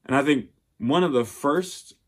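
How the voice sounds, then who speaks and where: A man's voice: mid-range voice, a little slow. Guy talking relationships, heartfelt, keeps restarting his sentences. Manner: earnest and heartfelt, many restarts and fillers. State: getting emotional. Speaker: relationship advice speaker. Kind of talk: personal motivational monologue.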